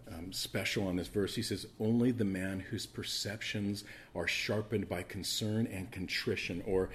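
A man preaching a sermon, swinging between loud emphatic stretches and hushed asides, repeating words for emphasis. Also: deep voice, a little hiss or hum.

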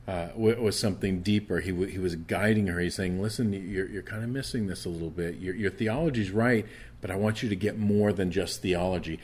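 A man's voice: on the low side, a little mellow, breathy edge. A man preaching a conversational sermon, reading scripture aloud and explaining it. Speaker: pastor.

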